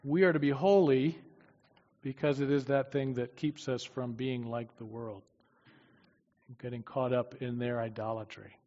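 A man preaching a sermon with emphasis, swinging from loud declarations to quiet asides. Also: mid-range voice, steady tone, unhurried. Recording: dull, long-reverb hall sound.

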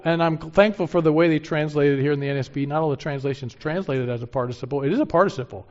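A man's voice: on the high side, quick pace, hardly any pauses, lo-fi sound. A male pastor preaching a sermon in an emphatic way, repeating key phrases for stress.

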